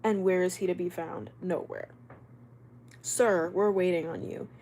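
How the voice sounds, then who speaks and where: A young woman live streaming from home, chatting casually, reading out comments and firing back quick retorts with frequent laughs. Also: lowish voice, steady tone, mellow, a little hiss or hum. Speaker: livestreamer. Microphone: camera mic while live streaming.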